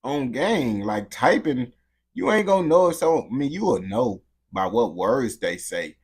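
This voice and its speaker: A man hosting a casual livestream, speaking straight to his chat in loose street slang. His voice sounds husky and slightly rough. He sits at a mid pitch for a man and laughs his way through the banter. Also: very animated, measured pace, a little mellow.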